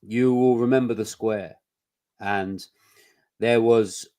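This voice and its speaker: A man co-hosting a podcast, telling stories in casual, sweary, animated chat. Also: fairly low pitch, takes it slowly. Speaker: podcast co-host.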